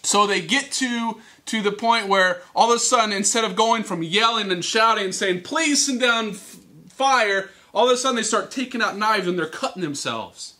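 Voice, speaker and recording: A man preaching to teens, telling a Bible story with animated, teasing character voices. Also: sits high, brisk, hardly any pauses. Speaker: youth speaker. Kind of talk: youth sermon storytelling. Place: church hall.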